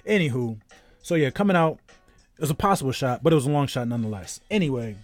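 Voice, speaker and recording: A man's voice: mid-range voice, lively intonation, quick pace, no room sound, faint music behind. A man around thirty, a game streamer in casual live-stream chat, telling a rambling story while greeting viewers.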